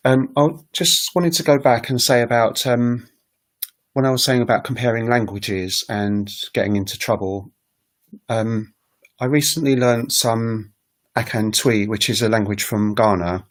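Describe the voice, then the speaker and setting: A man's voice: medium pitch, a little slow. A man teaching on a casual livestream, talking in a rambling, hesitant way with many fillers. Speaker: language teacher and recorder player. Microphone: webcam livestream setup.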